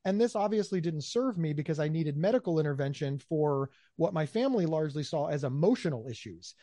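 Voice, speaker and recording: Animated man talking in a dry room. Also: fairly high pitch, fairly quick, no room sound. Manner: animated, acts out quoted voices, repeats words. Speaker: guest, mental health speaker. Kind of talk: conversational interview answers.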